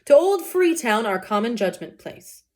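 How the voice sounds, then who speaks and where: A woman reading the lines of an angry male prince in a loud, slow, proclaiming way. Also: on the high side, very animated. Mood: stern. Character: stern commanding male prince, furious ruler.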